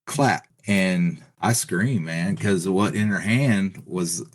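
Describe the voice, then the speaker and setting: A man's voice: low-pitched, slow pace. A middle-aged man from Texas, a podcast guest rambling through a casual story with plenty of "you know" and "like.". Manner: rambling, filler-heavy retelling with many "you know" and "like".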